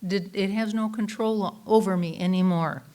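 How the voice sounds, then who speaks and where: A woman's voice: medium pitch, steady tone, normal speed, dark tone. A woman reverend giving a Sunday talk sermon, telling folksy personal anecdotes in a chatty way with frequent fillers and restarts.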